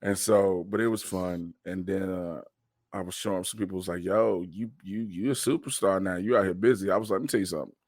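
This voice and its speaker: A man's voice: a little fast, no room sound, clean studio sound. A male podcast host in casual comedic chat, joking loosely and sore from a wrestling show. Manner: animated joking, jumps to high mocking voices.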